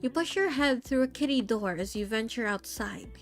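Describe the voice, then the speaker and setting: Young woman, story narration, soft gentle reading, high voice, light background music. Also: animated, moderate pace. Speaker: VTuber storyteller. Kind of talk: second-person story narration.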